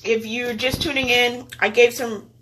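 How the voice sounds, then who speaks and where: A woman speaks in a bright, forward voice pitched a little high, confiding in her viewers through a personal video diary. Her delivery is earnest and halting, with emotional restarts. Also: steady tone, a little hiss or hum. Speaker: lifestyle vlogger.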